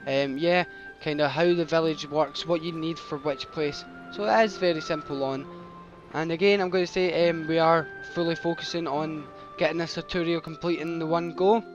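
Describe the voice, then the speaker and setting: Excitable man commentating on a game. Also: a little high, normal speed. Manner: excitable, swears, talks to the screen. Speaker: host. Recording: dull mic with game music.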